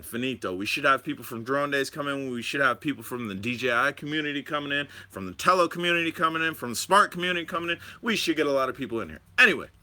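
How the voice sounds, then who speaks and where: A man hosting a live stream at home, rambling excitedly and talking to his viewers about drones. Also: medium pitch. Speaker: drone channel host.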